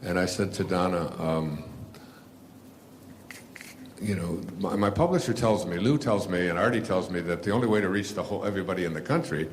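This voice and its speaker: A man's voice: sits low, fairly quick, a little hiss or hum. An older man telling a rambling personal story to a live audience, full of fillers and restarts, laughing at himself. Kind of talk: casual storytelling talk.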